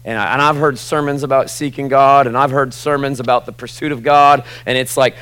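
A forties-aged pastor preaches in a church sanctuary to his congregation, talking casually and conversationally with frequent "like"s and "y'all"s. His medium-pitched voice is a bit bright, and he speaks fairly quickly.

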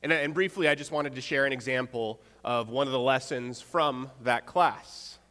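A man's voice: mid-range voice, normal speed, clean tone. Young male preacher in a reverberant hall. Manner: relaxed, with rhetorical check-ins and wry asides. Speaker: pastor. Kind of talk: conversational sermon.

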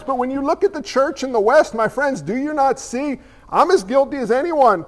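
An emphatic male preacher with a fairly high voice keeps asking the room questions and telling stories. His words carry a long reverb, as if from a church hall. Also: lively intonation, normal speed. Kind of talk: sermon.

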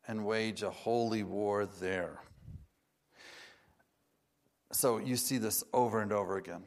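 A man preaching a sermon, telling stories in a relaxed way and putting on playful voices for the characters he quotes. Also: on the low side.

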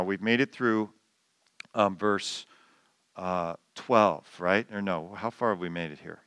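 Male pastor, animated sermon delivery, bright tone, dry close-miked sound. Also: lowish voice, smooth, dry recording. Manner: animated, reads scripture aloud and acts out the shouting.

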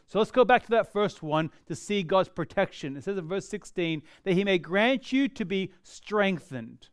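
A man preaching a sermon in a high, smooth, resonant voice, recorded close and dry with no room sound. He swells into emphatic, pleading outbursts and stretches his key phrases out slowly. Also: animated, dry recording. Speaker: pastor.

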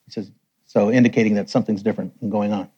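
A middle-aged man preaching, telling personal testimony stories with lively quoted voices. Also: racing, breathy edge, muffled recording. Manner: animated storyteller, raises pitch for quoted voices. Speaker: missionary preacher. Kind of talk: sermon testimony storytelling.

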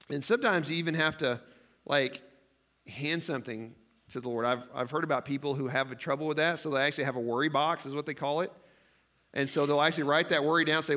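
In a church sanctuary, a pastor delivers a chatty, self-deprecating sermon, acting out his own worried prayers. His voice is a little high and a bit bright.

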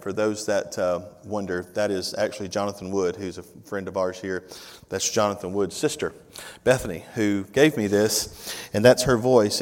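A man's voice: fairly low pitch, in a large hall. A male pastor preaching in a conversational, emphatic way and reading scripture aloud in a church. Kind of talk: sermon.

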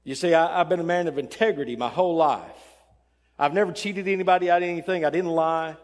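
A man's voice: fairly low pitch, big pitch swings, very fast, breathy edge, voice pushed down. A pastor playing an earnest man insisting on his own integrity. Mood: insistent. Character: earnest upright man proud of his morality. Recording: long church reverb.

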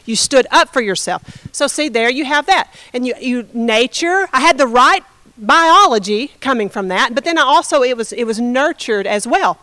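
A woman's voice: on the high side, expressive, normal speed, bright, forceful tone, no echo, poor audio. A woman pastor giving a conversational sermon, often asking the congregation questions.

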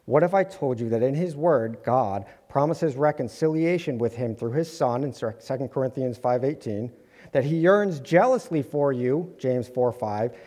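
A man's voice: mid-range voice, mellow. Man preaching in a reverberant church. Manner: earnest, with light self-deprecating asides. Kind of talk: sermon. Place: church sanctuary. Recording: long hall reverb.

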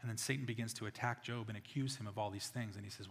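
A man preaching a sermon as pastor, telling stories with loud exclamations and quiet asides. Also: mid-range voice, very fast, few pauses. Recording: reverberant hall.

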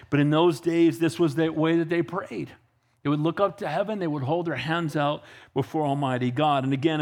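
A man preaching a sermon as pastor, swinging from calm asides to fervent, raised passages and calling out to the congregation. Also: fairly high pitch. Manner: builds to fervent, raised preaching, with audience call-outs.

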